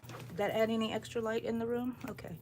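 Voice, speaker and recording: On an overcast morning at home, a middle-aged woman runs a crochet livestream, chatting with viewers, rambling and calling them by name. Her voice is fairly high and a little mellow, with little pitch movement, and she talks fast. Slight background noise is audible.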